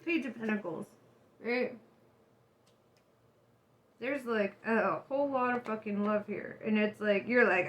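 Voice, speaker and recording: A woman giving a casual tarot reading to her viewers, chatty and animated, who laughs often and swears freely. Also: medium pitch, measured pace, long pauses. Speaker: tarot reader.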